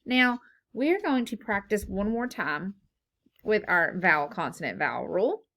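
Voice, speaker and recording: A woman's voice: medium pitch, animated, a little slow, a bit bright. Patient woman teaching a phonics lesson. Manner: patient, asks questions and answers them herself. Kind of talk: phonics lesson for young children.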